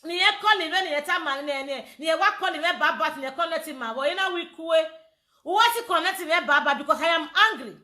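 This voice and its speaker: A woman with a Nigerian accent in an animated social media rant, loud, breaking into chanting and laughter. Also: high-pitched, fast, reverberant.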